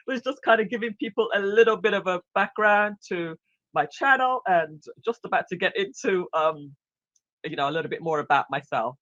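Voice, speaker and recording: Woman from England, animated pitch, dry close sound, chatty video call guest. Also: moderate pace, no room sound, muffled recording. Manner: chatty, laughs easily, with restarts. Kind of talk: casual video call interview.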